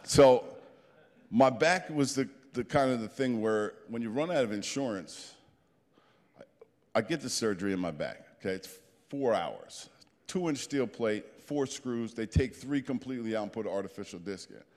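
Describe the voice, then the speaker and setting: A man in his fifties from New Jersey telling an animated, plain-spoken story as a guest speaker to a group. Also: mid-range voice, normal speed, in a large hall. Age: 50s.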